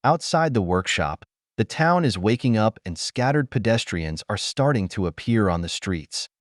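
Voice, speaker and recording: A man narrating a dramatic story in an even, unhurried way. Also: on the low side, no echo, clean studio sound.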